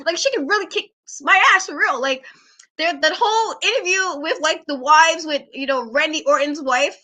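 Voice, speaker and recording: A woman hosts a wrestling talk show with a high, bright voice. She rants emphatically about the matches and breaks into laughter often. Her commentary is casual and full of strong opinions.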